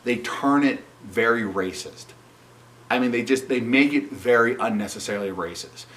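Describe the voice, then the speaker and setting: A man's voice: medium pitch, normal speed, fairly bright tone, far from the mic. A man giving an opinionated spoken movie review, sarcastic and indignant, often saying "you know". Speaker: film reviewer.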